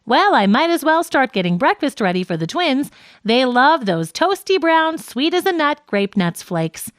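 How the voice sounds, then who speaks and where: A woman's voice: high-pitched, very animated, moderate pace, no echo, clean studio sound, voice pushed up. A woman reading aloud as a fussy, vain, easily flustered man from an old radio sketch, in an audiobook.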